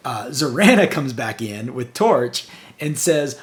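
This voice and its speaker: A man hosting a review channel, retelling a comic's plot in a casual, excited way with frequent chuckles. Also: medium pitch, moderate pace.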